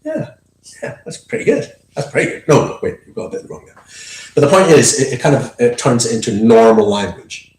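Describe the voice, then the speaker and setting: Man, casual chat, animated, laughing, acts out voices, lively pitch, echoey room. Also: fairly quick. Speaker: podcast co-host. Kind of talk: casual conversation. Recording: roomy echo.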